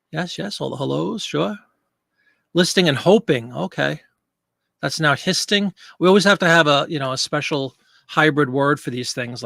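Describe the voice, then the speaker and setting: Chatty man hosting a live stream, gravelly. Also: fairly high pitch, fairly bright tone, no room sound, clean studio sound. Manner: chatty, greets viewers by name, jokey. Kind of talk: casual live stream chat. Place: home studio with green screen. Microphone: desk microphone.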